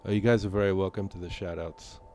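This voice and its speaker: Deep mellow-voiced man streaming a game. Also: fairly even intonation, fast, a little hiss or hum. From Malta. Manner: rambling, chatty, many fillers. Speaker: gaming streamer. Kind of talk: casual live-stream chat while gaming.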